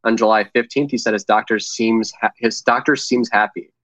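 A man's voice: on the low side, fairly even intonation, moderate pace, a bit bright, no echo, rough recording. A man co-hosting a casual political podcast, rambling with many fillers and crude jokes. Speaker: podcast co-host.

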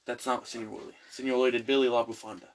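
A man in casual chat, telling stories with lively voiced-out quotes. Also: medium pitch, very fast, a little hiss or hum. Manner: animated storyteller acting out quotes. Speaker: co-host.

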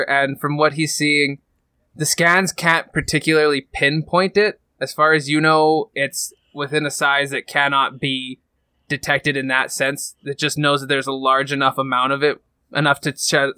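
A man running a tabletop roleplaying game as game master, narrating in a casual way with plenty of fillers. His voice is bright and smooth, and the recording is dry and close. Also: a little high, no room sound.

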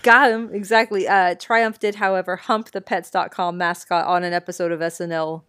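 A woman's voice: lowish voice, fairly even intonation, moderate pace, fairly bright tone, clean tone, no echo, clean studio sound. A young woman co-hosting a casual podcast, laughing often and swearing freely. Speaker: podcast co-host. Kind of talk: casual chat.

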